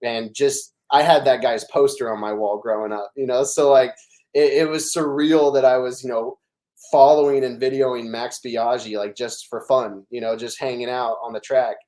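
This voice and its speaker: A middle-aged man appears as a podcast guest, swapping stories in an animated, casual conversation. His voice is medium-pitched and his speed normal, and he leans on lots of fillers and restarts.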